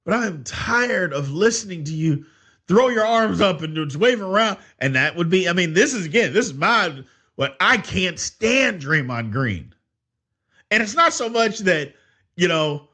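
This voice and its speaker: A man's voice: on the high side, bright, forceful tone, husky. A man hosting a sports podcast, giving his opinions in a solo talk full of restarts and "I mean". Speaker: podcast host.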